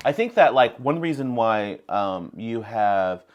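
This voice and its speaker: A man from Texas with a neutral American accent, talking in a casual podcast interview as the guest, animated and talkative with frequent restarts. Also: mid-range voice, a little slow, lo-fi sound.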